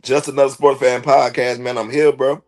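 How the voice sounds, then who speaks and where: A man's voice: mid-range voice, little pitch movement, moderate pace, a little mellow. A man hosting a sports podcast livestream, ranting bluntly and profanely in heavy slang. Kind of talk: heated livestream sports rant.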